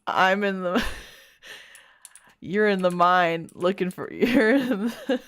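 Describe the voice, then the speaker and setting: A woman's voice: medium pitch, slow, fairly bright tone. A young woman streamer reading bad fanfiction aloud in a casual, mocking way, laughing often and swearing freely.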